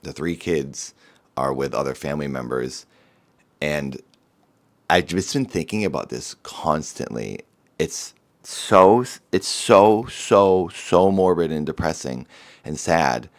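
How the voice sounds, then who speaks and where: Male vlogger, very deep voice, earnest and somber, rambling talk to camera. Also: animated, slow.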